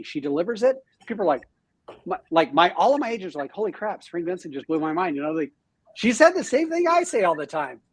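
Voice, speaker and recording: An animated man speaks as a guest on a casual podcast, joking at his own expense and restarting his thoughts. His voice is a touch high and noticeably husky. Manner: animated and self-deprecating, frequent restarts. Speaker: real estate team leader, podcast guest. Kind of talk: casual interview chat.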